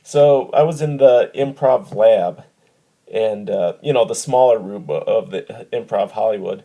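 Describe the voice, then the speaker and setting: A man hosting a podcast, telling stories and asking questions in a relaxed, easygoing way. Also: on the low side, measured pace, gravelly. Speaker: podcast host. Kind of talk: casual chat and storytelling.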